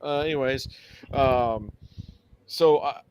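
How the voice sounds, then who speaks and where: A man's voice: mid-range voice, slow pace, a little hiss or hum. A man co-hosting a live stream, chatting casually in a rambling way with many fillers. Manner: rambling storyteller, acts out quoted dialogue, many fillers. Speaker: podcast co-host. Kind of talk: casual chat. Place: home studio for a live stream.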